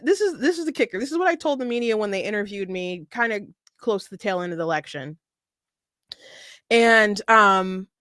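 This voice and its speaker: A woman's voice: medium pitch, a bit bright, no echo, studio quality. A woman hosting a casual political commentary monologue, opinionated, laughing often and restarting her sentences, with slight hiccups.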